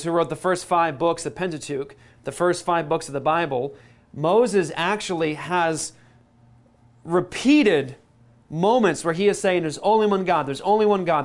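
A man preaching a teaching sermon, emphatic, slowing down and stressing key words, with quick asides in between. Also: fairly high pitch. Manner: emphatic, slows down on key words and repeats them. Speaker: pastor.

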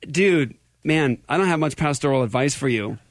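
A man's voice: mid-range voice, expressive, moderate pace, dry recording, clean studio sound. A man hosting a live call-in show, talking energetically and rambling with many restarts. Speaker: host. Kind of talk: casual live show chat.

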